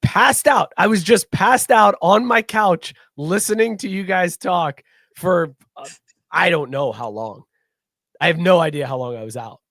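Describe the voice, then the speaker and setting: A man's voice: high-pitched, a little slow, fairly bright tone, no room sound, clean studio sound. A man hosting a sports podcast in casual chat, rambling and laid-back, laughing often. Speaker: podcast host.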